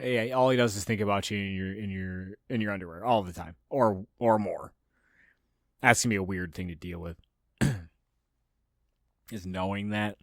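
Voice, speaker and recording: Man, podcast host, low voice, dry sound, casual profane rant. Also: no echo. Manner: profane, ranting, mocks others in raised voices. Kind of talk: casual opinionated monologue.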